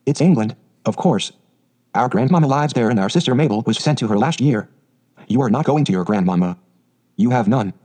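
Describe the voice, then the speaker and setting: A man's voice: medium pitch, lively intonation, fairly quick, warm tone, close to an everyday voice. A man voicing a teasing seven-year-old boy who talks with scorn, in a storybook reading. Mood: taunting. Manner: taunting and scornful.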